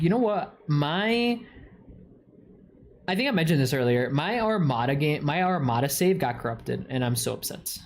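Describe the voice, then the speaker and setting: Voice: medium pitch, a little hiss or hum. A streamer with a stuffy nose, casually chatting with viewers and answering their questions, full of crude swearing and mock insults.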